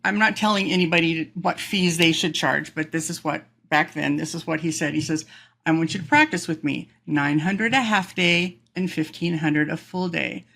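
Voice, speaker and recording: Bright, gravelly-voiced woman speaker. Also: deep voice, normal speed. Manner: animated, laughs often, acts out quoted voices. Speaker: professional speaker, guest. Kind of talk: casual storytelling interview.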